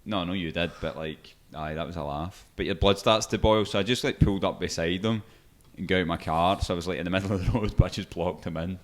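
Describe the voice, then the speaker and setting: A man's voice: deep voice, fast talker. A Scottish man co-hosting a podcast, chatting casually and acting out the voices in his anecdotes. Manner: storytelling, acts out voices with laughter. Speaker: podcast co-host. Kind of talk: casual chat.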